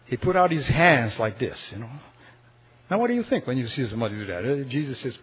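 A man delivers a sermon with a husky, breathy edge, mid-pitched, leaping up in loud bursts and then sinking to a slow, quiet prayer. The recording is dull and lo-fi. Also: sing-song. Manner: dramatic swings from loud exclamations to hushed, slow prayer. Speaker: pastor.

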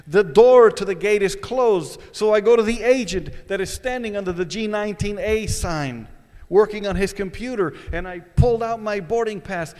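High-voiced man telling a lively story. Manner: animated, dramatic retelling with vivid pauses. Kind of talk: personal story told to an audience. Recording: echoey hall.

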